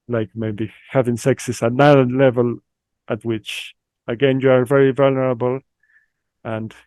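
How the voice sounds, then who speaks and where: A man's voice: medium pitch, creaky, darkish tone, dry recording. Guest, man with a Mexican accent, thoughtful and searching, dry recording. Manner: reflective, searching, with fillers. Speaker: guest, somatics practitioner. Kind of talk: conversational interview.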